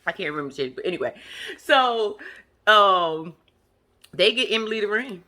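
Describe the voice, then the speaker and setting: Animated, bright-voiced woman vlogger. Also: mid-range voice, moderate pace. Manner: animated, profane, laughing commentary. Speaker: reality TV recap vlogger. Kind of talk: casual chat.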